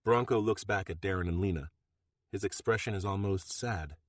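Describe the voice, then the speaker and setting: A man reading an audiobook in steady, measured narration on a close mic. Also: sits low, no room sound. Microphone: close studio mic.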